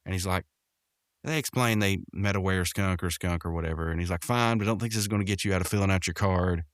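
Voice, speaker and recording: A man hosting a podcast, casually recapping a cartoon episode, rambling and jumping into higher voices to act out the characters' lines. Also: fast talker, dry recording, studio quality. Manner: rambling, acts out quotes in raised voices. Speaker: podcast host.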